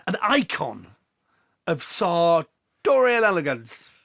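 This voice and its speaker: Chatty, gravelly man. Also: sits high, very animated, takes it slowly, a bit bright. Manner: chatty, anecdotal, self-deprecating humor. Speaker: TV property presenter answering viewer questions. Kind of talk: casual Q&A chat.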